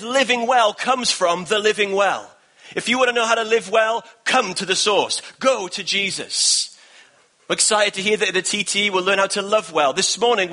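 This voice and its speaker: A man's voice: high-pitched, sharp tone. A man preaching a sermon as pastor, emphatic and repetitive, building in bursts.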